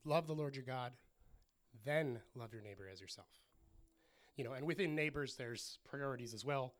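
A man's voice: mid-range voice, moderate pace. A man preaching a sermon, telling the story with energy and acting out the voices of the people in it. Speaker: pastor.

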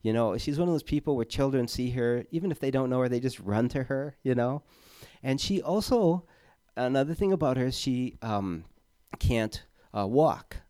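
A man preaching a conversational sermon, halting, with many fillers and repeated words, and earnestly leaning on key words. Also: mid-range voice, expressive, mellow, dry recording, clean studio sound.

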